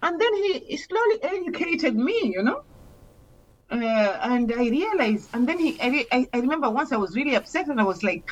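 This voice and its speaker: A woman's voice: high-pitched, big pitch swings, fairly quick, husky. A woman from Kenya, a podcast guest chatting casually and at length, with many fillers and frequent laughs. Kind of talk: casual interview chat. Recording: muffled lo-fi sound.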